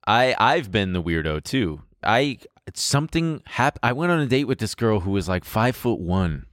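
A man's voice: on the low side, big pitch swings, moderate pace, a bit bright, dry recording, studio quality. A man co-hosting a podcast who makes wry quips in casual chat and tells stories about his dates, mimicking the people in them. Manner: wry quips, acts out a date's voice. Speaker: podcast co-host.

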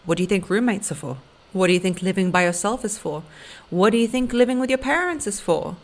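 A woman's voice: mid-range voice, expressive, fast. Blunt woman giving dating advice. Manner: blunt, emphatic, lecturing directly to listeners. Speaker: podcast host and dating coach. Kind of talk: relationship advice monologue.

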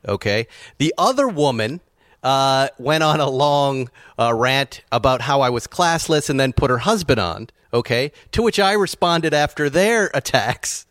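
A man's voice: mid-range voice, animated, moderate pace, fairly bright tone, dry recording, clean studio sound. A man hosting a car talk show, telling long rambling stories with frequent chuckles. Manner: rambling storyteller, chuckles often. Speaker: podcast host. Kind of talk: casual chat.

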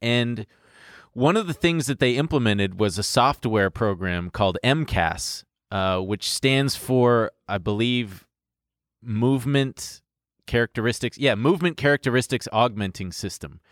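A man's voice: medium pitch, expressive, measured pace, dry recording. Male podcast co-host, casual, swears freely, dry close sound. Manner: explains at length with profane asides. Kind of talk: casual chat.

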